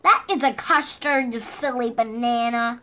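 A woman voicing an excitable, silly male storybook character who shrieks with excitement. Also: on the high side, a little slow. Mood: excited. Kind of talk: storybook reading.

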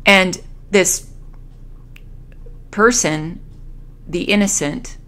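A woman tarot reader telling a vision as a story, slowly and hesitantly, with many fillers and restarts. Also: on the low side, fairly bright tone.

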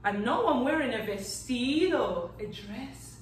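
A woman teaching a children's Spanish lesson in a playful, animated way. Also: on the high side, a little slow, echoey room, far from the mic, a little hiss or hum, poor audio. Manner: animated and playful, claps out syllables, counts down magic tricks.

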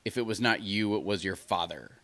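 A man voicing a greedy, bullying male wolf in a storybook reading, speaking slowly and menacingly. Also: lowish voice, fairly bright tone. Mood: snarling.

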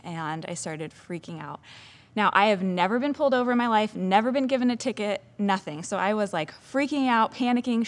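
A young adult woman, a children's pastor, giving an earnest, chatty devotional talk full of casual fillers. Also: mid-range voice.

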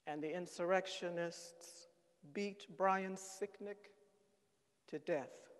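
Man, high voice, slow and grave, solemn church reading, long hall reverb. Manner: grave, deliberate, stressing key words. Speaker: reader at a Good Friday service.

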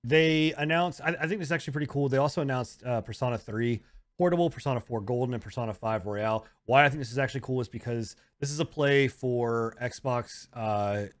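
A man's voice: medium pitch, a little fast. A man hosting a gaming podcast in casual chat, leading the topics with many hesitant ums. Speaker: podcast host.

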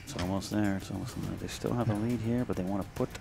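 A man commentating a movie trivia game show, excitable and enthusiastic as he calls the play and reads questions. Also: lowish voice, fast talker, creaky, over loud music.

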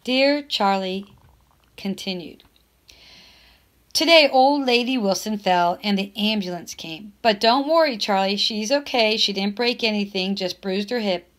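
A woman's voice: medium pitch, measured pace, a bit bright, close to an everyday voice. A woman voicing a loyal, chatty young girl writing to her best friend, reading the letter in an earnest, friendly tone. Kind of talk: reading a letter aloud from a novel.

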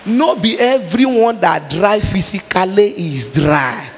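A woman's voice: mid-range voice, very animated, a little slow, faint music behind. Nigerian woman evangelist, emphatic fervent sermon, long hall reverb. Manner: emphatic preaching, rising to fervent prayer.

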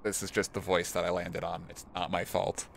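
A man's voice: low-pitched, completely flat delivery, normal speed, gravelly, slight background noise. A man streaming a video game, joking and rambling casually as he plays and reads the game's text aloud. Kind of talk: casual let's-play commentary.

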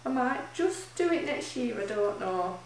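A woman's voice: on the high side, expressive, measured pace, gravelly, slight background noise. A woman recording a casual video diary, chatty and emotional, rambling with fillers as she talks. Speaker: charity runner keeping a video diary. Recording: very echoey room, mic at a distance.

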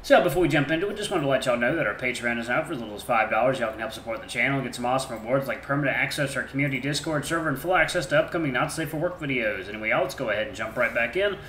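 Friendly guy doing a let's play, bright voice, echoey room, bit of hiss. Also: mid-range voice, very fast, few pauses. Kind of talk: casual Let's Play reading and narration.

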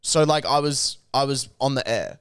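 A man's voice: medium pitch, moderate pace, a bit bright, clean tone, no echo, clean studio sound. A young Australian man co-hosting a podcast, chatting casually and teasing in a joking way. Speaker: podcast co-host. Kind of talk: casual chat.

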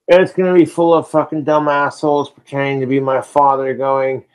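A man's voice: on the high side, flat delivery, normal speed, few pauses, smooth. A man ranting on a livestream, swearing heavily and drinking alcohol as he talks. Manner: profane, ranting, drinking on stream. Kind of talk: livestream rant.

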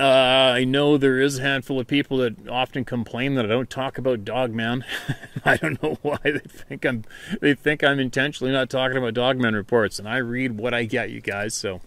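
Man, mid pitch, host reading listener stories aloud, relaxed and chatty, dry close mic. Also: no room sound. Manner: relaxed, conversational, swears casually. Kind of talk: casual narration of listener stories. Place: outdoors in the cold.

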